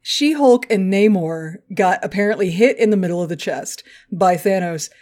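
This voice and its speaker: A woman's voice: mid-range voice, normal speed, a little mellow. A woman co-hosting a podcast, recapping a comic book in a crude, sarcastic, playful way. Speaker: podcast co-host.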